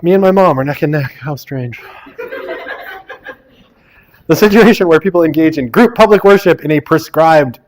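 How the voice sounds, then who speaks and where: A man's voice: on the high side, normal speed, long pauses, darkish tone. A man teaching a university sociology class, reading quiz questions aloud and joking with his students. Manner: joking asides, teasing students. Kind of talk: lecture running a class quiz. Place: lecture classroom.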